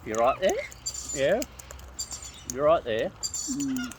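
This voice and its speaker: A woman's voice: a bass voice, animated, slow pace, background noise. A woman talking playfully to wild birds outdoors while feeding them, cooing and scolding them in baby talk. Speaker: bird feeder filming wild birds.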